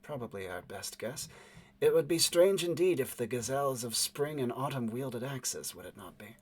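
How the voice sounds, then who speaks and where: A man voicing a cool, smooth-spoken woman who is condescending. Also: medium pitch, animated. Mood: amused. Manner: smooth, dry, unhurried.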